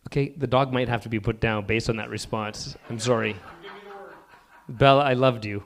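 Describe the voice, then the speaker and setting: A man from Alberta doing a rambling, self-deprecating stand-up set at an open mic, full of halting fillers. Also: mid-range voice, steady tone, slight background noise. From Alberta, Canada.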